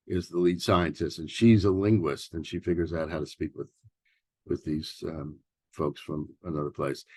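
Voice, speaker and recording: A man in his sixties from New York City giving a relaxed workshop talk as a therapist, mixing advice with personal stories and often pausing on fillers and restarts. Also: low-pitched, gravelly, slightly rough, no room sound, clean studio sound. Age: 60s. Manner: loose and conversational, with many fillers and restarts. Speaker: workshop presenter, family therapist.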